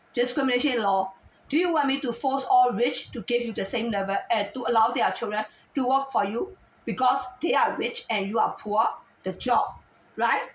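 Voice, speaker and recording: A woman delivering an agitated, scolding monologue in halting non-native English, firing off repeated rhetorical questions. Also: on the high side, slight background noise. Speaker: vlogger. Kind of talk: ranting monologue to camera. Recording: roomy sound from a distant mic.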